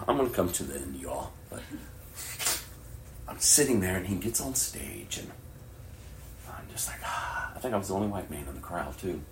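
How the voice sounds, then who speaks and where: Middle-aged male pastor, low-pitched, passionate sermon delivery with whispered lows, roomy echo. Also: very animated, moderate pace, pauses often, noisy background. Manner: swings from hushed whispers to loud, impassioned preaching. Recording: echoey room with faint ambience.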